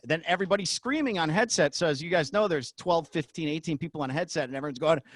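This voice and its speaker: A middle-aged man, a former arena announcer, telling stories as a podcast guest in an excitable way. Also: on the high side, quick pace, hardly any pauses, dry recording. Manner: excitable, acts out shouted quotes. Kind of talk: animated storytelling in a podcast interview.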